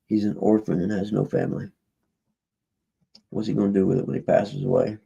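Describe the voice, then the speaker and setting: A man's voice: lowish voice, level tone, a little fast, creaky, dark tone, husky, muffled recording. A man chatting casually with his livestream viewers, rambling in a folksy way and often trailing off and starting over. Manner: meandering, folksy, trails off and restarts. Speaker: livestream host.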